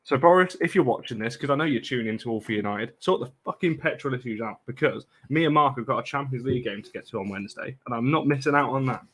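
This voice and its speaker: A man's voice: medium pitch, expressive, fast talker, hardly any pauses, fairly bright tone, breathy edge. A man ranting in a casual fan stream chat, swearing a lot. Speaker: fan panelist.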